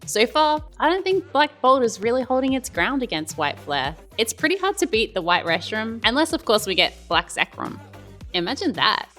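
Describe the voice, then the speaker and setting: A woman's voice: fairly high pitch, sing-song, moderate pace, a bit bright, soft background music. A woman with an Australian accent, hosting a casual pack-opening video and musing about each card as she goes. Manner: chatty, musing, rates cards as she opens. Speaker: YouTube card-opening host.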